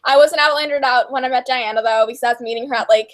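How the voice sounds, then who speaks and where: A woman's voice: high voice, very fast. A young woman co-hosting a casual livestream chat, gushing and chatty with lots of fillers. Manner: gushing and chatty, many fillers, laughs often. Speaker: co-host of a book and TV chat livestream.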